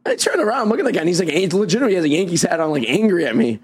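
Rapid-fire man, rambling stories. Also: high voice, slightly rough. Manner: rambling, animated storytelling. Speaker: co-host. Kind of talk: casual podcast chat.

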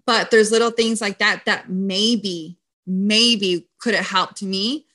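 Young woman host, bright voice, emphatic and lively, jumps up high when excited. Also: slow pace. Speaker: podcast host. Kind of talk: casual conversation.

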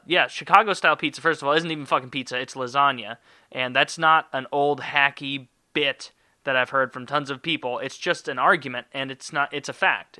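Sharp-voiced man ranting profanely. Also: mid-range voice, no room sound, clean studio sound. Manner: profane, rambling, sarcastic. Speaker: podcast host. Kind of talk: solo podcast rant.

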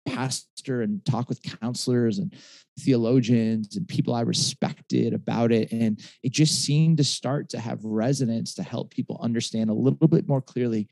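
Male pastor guest telling his story, lots of restarts and ums, dark dry sound. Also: medium pitch, normal speed, vocal fry, dry recording. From Michigan. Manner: animated, with many restarts and fillers. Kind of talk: conversational interview storytelling.

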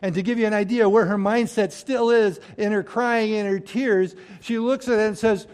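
A man delivering a sermon in a fairly high voice. He preaches emphatically, pushing key phrases out loudly and then sinking into soft, hushed lines. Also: fairly even intonation, normal speed, few pauses. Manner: emphatic preaching, swinging between loud stresses and hushed drops. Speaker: pastor.

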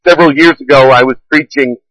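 A man's voice: medium pitch, fairly even intonation, a bit bright, no room sound, poor audio. Earnest middle-aged male pastor preaching. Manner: earnest, measured preaching with slow emphatic stresses. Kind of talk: sermon.

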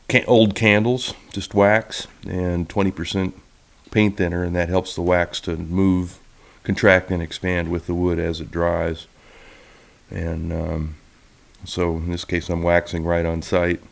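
A man who makes violins gives a relaxed, rambling talk over slides, with many restarts. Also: sits low, creaky. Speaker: violin maker giving a talk.

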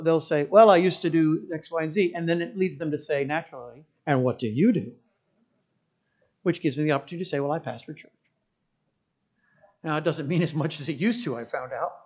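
A middle-aged man preaching a sermon as pastor, telling stories and building to loud, impassioned preaching. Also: fairly high pitch.

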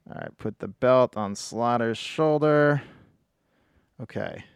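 A man co-hosting a podcast, upbeat and joking, swearing without fuss. His voice is smooth and resonant, recorded dry and close. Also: mid-range voice, takes it slowly, no echo. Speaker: podcast co-host. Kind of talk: casual chat.

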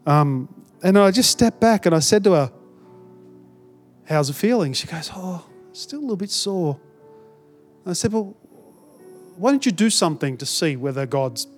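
Earnest conversational male pastor, quite high. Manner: conversational, earnest, retells dialogue with restarts. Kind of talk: sermon with storytelling.

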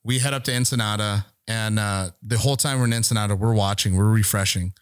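A man's voice: fairly low pitch, steady tone, fast, smooth, no room sound, clean studio sound. A man on a podcast telling a long story in casual chat, rambling and swearing freely as he acts out what people said. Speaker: podcast co-host.

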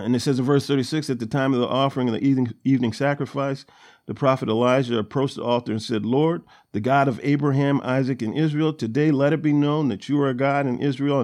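A man's voice: mid-range voice, brisk, a little mellow. A man hosting a Bible study, reading verses aloud and explaining them in a loose, everyday way with plenty of ums and uhs. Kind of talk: casual scripture teaching.

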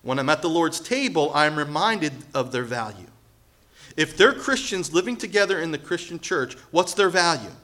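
Man, pastor, sermon, animated, bright tone, acts out quotes. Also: on the high side, moderate pace. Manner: animated, acts out quotes, jokes, rises to loud emphasis.

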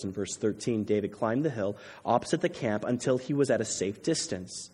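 A man preaching a sermon as pastor, animated, swinging between loud emphasis and hushed intensity. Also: medium pitch, fairly quick, hardly any pauses, breathy edge. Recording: long hall reverb.

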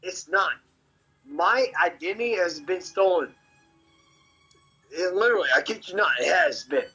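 A man from Memphis, telling a story as a podcast guest in a rambling, animated way and swearing constantly. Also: high voice, normal speed, breathy edge, soft background music, low-quality recording. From Memphis, Tennessee. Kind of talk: casual storytelling.

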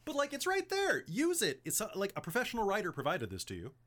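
High-voiced and fairly bright, a man hosts a casual podcast, talking fast with huge pitch swings. He gives game-master advice in a chatty, rambling way, leaning heavily on "like" and "um".

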